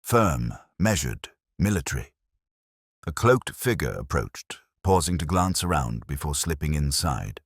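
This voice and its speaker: Deep deep male voice reading a mystery story, measured, varied tone, dry close sound. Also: sing-song, husky, dry recording. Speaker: narrator. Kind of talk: scripted narration.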